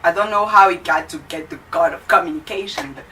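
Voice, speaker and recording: A woman's voice: fairly low pitch, fairly quick, bright, forceful tone, recorded from a distance, slight background noise, rough recording. A young woman, a student, ranting bluntly and heatedly in casual chat. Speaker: student vlogger.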